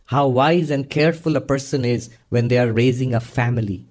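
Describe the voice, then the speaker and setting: Earnest monk teaching through a story. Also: male voice, medium pitch, fairly even intonation, brisk, few pauses, darkish tone. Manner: earnest storytelling with frequent laughter. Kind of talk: spiritual Q&A talk.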